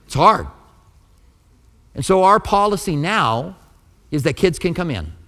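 A man delivers a sermon from the pulpit, slipping into conversational stories and voicing the people in them. His voice sits fairly high for a man. The sound carries the long reverb of a large church hall. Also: very animated, a little slow, a bit bright. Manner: conversational storytelling, acting out quoted dialogue. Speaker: pastor. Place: church sanctuary.

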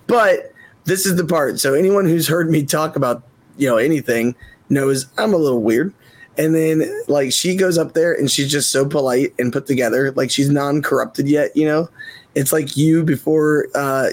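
A man co-hosting a podcast, telling a rambling, joking story about being a dad in casual chat. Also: mid-range voice. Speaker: podcast co-host.

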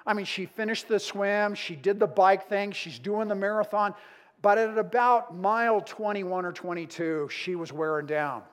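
A middle-aged man preaching a sermon in a storytelling way. His voice sits high for a man, and he swings from emphatic, rising questions to quiet, intimate lines. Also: moderate pace. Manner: dramatic, storytelling, shifting between emphatic and hushed. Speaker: pastor.

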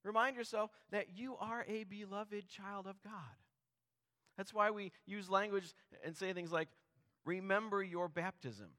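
Male pastor, sermon. Voice sits a bit high, earnest, conversational, asks the listeners questions. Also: fairly even intonation, a little slow, pushed and bright.

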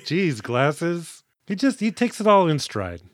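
A man's voice: fairly high pitch, very animated, a little slow, no echo, clean studio sound. A man co-hosting a casual movie podcast, laughing often and acting out characters' lines. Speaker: podcast co-host.

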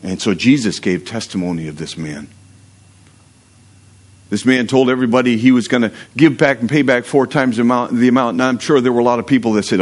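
Medium in pitch and brisk in delivery, a male pastor addresses his congregation over a livestream. He reads a scripture passage aloud, then moves into a conversational, humorous sermon that includes prayer.

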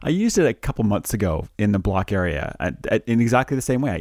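Cheerful man with a low, dry voice. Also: big pitch swings, fast talker, few pauses, darkish tone, no echo. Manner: cheerful, upbeat storytelling. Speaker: podcast co-host, anesthesiologist. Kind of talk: casual chat.

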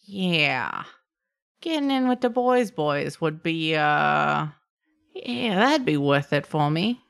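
A woman voicing a scheming male gnome thug who bargains bluntly to betray his family, with halting fillers. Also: low-pitched, big pitch swings, gravelly, fairly bright tone, heavily acted. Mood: tempted.

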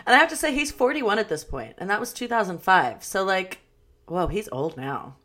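A woman co-hosting a podcast in casual chat, animated and swearing freely. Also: mid-range voice, normal speed. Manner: animated, swears freely, reads quotes aloud. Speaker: podcast co-host.

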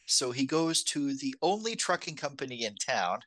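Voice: mid-range voice, sing-song, normal speed, fairly bright tone, dry recording. A co-host on a casual film podcast who recaps plots with wry jokes and frequent laughter.

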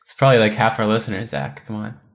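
A man's voice: fairly low pitch, fairly even intonation, fast talker, creaky. A man co-hosting a podcast who chats casually about games in a laid-back, teasing way and laughs easily. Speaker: podcast co-host.

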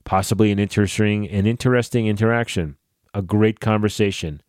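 A man hosting a casual solo podcast, swearing freely and ranting in a lively way. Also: on the low side, fairly quick, dry recording, clean studio sound. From New Jersey / New York area. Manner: profane, animated ranting. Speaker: podcast host.

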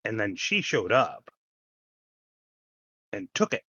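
A man's voice: lowish voice, sing-song, slow pace, pushed and bright, breathy edge, no echo, muffled recording. A man co-hosting a podcast in casual chat, recapping plainly and laughing easily. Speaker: podcast co-host.

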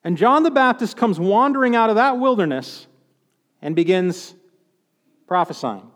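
A male pastor delivers a sermon in a relaxed, conversational way, slipping in jokes and acting out quoted lines. His voice sits fairly high for a man. The sound carries the long reverb of a large hall. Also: moderate pace. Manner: conversational preaching with humor and acted-out quotes.

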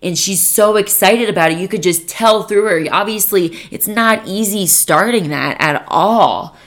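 A woman's voice: mid-range voice, measured pace, a bit bright. A young woman hosting her own podcast alone, rambling and swearing freely, with lots of "like" fillers, into a podcast microphone. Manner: rambling and profane, with many "like" fillers. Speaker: podcast host. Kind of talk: casual solo podcast monologue.

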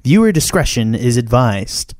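A man reads a content disclaimer at a measured, deliberate pace. The recording is dry and close. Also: mid-range voice, very animated, a little mellow, dry recording. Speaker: announcer. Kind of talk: read disclaimer.

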